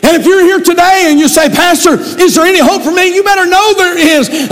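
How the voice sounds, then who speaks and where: Man, pastor, sermon, very high voice, shouted emphasis, long church reverb. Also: a little fast, few pauses. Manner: preaching with rising shouted emphasis. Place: church sanctuary.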